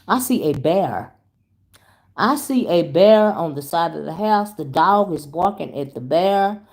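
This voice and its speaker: A woman's voice: lowish voice, a little slow. A woman, chatting animatedly to her viewers as she tells a story on her vlog. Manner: animated, chatty, calls audience "y'all" and "child". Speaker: YouTube commentary host. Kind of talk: casual storytelling chat.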